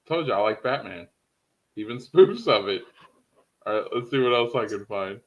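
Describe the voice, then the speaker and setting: A man's voice: on the low side, expressive, moderate pace, pauses often, lo-fi sound. Amused man reacting to a clip. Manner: amused, chatty. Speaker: reaction video host. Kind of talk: casual reaction commentary.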